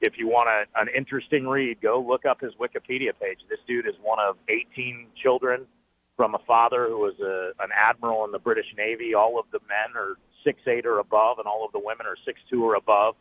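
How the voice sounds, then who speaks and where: A man with a fairly low voice calls in over a thin, tinny phone line. He is a team broadcaster spinning animated stories on a sports talk show, full of fillers and restarts. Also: fairly quick. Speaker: team play-by-play broadcaster, guest. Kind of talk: sports talk radio interview. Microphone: phoning in.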